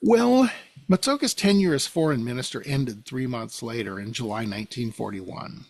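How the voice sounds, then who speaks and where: A man's voice: mid-range voice, animated, moderate pace, no echo. A man hosting a podcast, telling a history story casually and pointing out pictures as he talks. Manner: conversational, with fillers, pointing out pictures as he goes. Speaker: podcast host.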